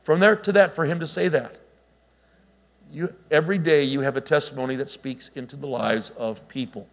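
A middle-aged man preaching a sermon, telling stories with lively asides to the congregation. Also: a little high, moderate pace, vocal fry. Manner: animated storytelling with asides to the congregation. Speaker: pastor.

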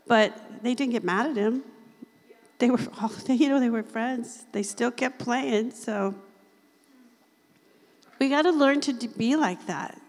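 A woman giving a casual, chatty Bible teaching, laughing often and reading scripture slowly. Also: a little high. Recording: long hall reverb.

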